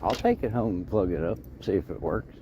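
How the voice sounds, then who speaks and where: A man's voice: low voice, brisk. A man rambling casually and mumbling as he drives and picks through curbside scrap. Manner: rambling, self-deprecating, mumbly. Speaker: scrapper vlogger. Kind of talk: casual narration while driving and scrapping. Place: outdoors and in a vehicle, city streets. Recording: noisy outdoor street recording.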